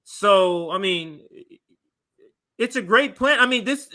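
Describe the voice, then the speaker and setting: Male co-host, bright and tense tone, halting and thoughtful, casual talk. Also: high-pitched, animated. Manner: hesitant, restarts with "I mean". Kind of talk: casual political discussion.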